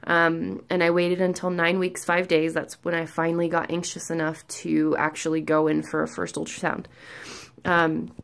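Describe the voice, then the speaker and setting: A woman vlogger giving a candid, rambling personal update, a little out of breath and full of fillers. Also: low-pitched. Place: at home, sitting.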